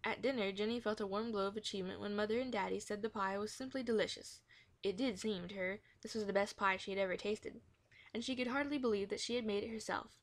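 A woman reading a children's chapter book aloud in a gentle manner, now and then correcting herself. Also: medium pitch, fast. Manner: gentle, with occasional self-corrections. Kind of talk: storybook read-aloud.

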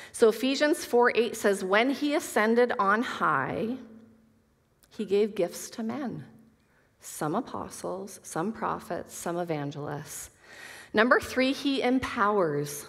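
Teaching a Bible study to a group of women, this earnest speaker reads scripture aloud and drops in casual asides. Her voice is medium-pitched and a bit bright, caught in the long reverb of a hall.

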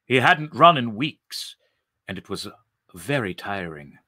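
A man reading a story aloud in an expressive, deliberate way. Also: lowish voice, no room sound, studio quality.

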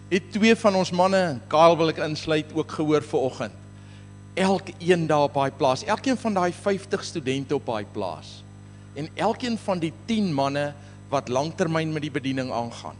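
A ministry leader with a somewhat high-pitched voice thanks a congregation and earnestly asks for its continued support. The long reverb of a big church hall and faint music surround his voice. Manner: earnest appeal, warmly grateful. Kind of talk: church address.

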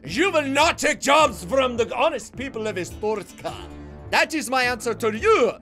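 Man doing a loud border inspector, mock foreign accent. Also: very high-pitched, animated, moderate pace, soft background music, pitched above the performer's own voice, full character voice. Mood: proud. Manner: broken English, loud and proud.

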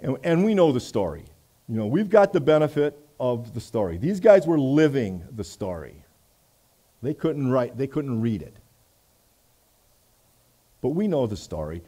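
A man's voice: mid-range voice, sing-song, a little slow, pauses often, slightly rough. A man preaching a sermon, reading scripture aloud and adding conversational asides in a church. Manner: conversational, many "you know" asides, swings between loud reading and quiet reflection. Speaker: pastor.

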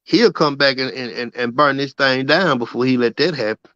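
A man's voice: mid-range voice, moderate pace, a bit bright, dry recording. Laid-back man on dull phone audio. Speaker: podcast co-host. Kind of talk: casual chat.

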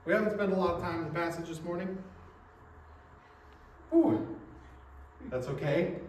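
A man's voice: sits high, normal speed, darkish tone, a little hiss or hum. A man, a pastor, preaching a sermon in a church and explaining his points earnestly with rhetorical questions. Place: church sanctuary. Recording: echoey hall, mic from a distance.

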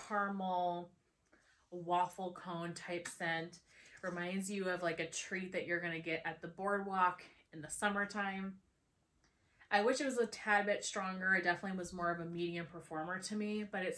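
Chatty woman with a low voice. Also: fairly bright tone, a little hiss or hum. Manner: chatty, enthusiastic, addresses viewers directly. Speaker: home fragrance vlogger. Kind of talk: casual product review talk.

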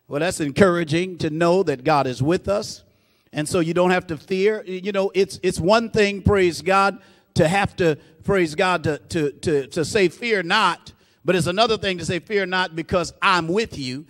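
A man preaches in a fairly high voice, and a long reverb from a church sanctuary trails behind each phrase. He keeps breaking in with "praise God", swells louder and slower on the key lines, then drops low and soft for asides. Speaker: pastor. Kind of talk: sermon.

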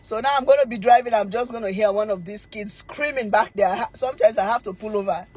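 A middle-aged woman, chatting casually to camera as a cooking vlogger, telling stories in a teasing, animated way and laughing often. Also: medium pitch, fast talker, husky, dull audio.

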